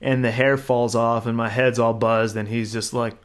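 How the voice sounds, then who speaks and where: A middle-aged man spins stories in casual podcast chat, jumping in and out of voices for the people in them. He talks with easy, swearing looseness and a lively, storytelling energy. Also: medium pitch, normal speed. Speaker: podcast co-host.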